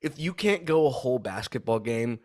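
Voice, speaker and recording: A man's voice: medium pitch, expressive, brisk, darkish tone. A young man co-hosting a podcast in casual chat, riffing with crude, profane banter. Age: young adult. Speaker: podcast co-host.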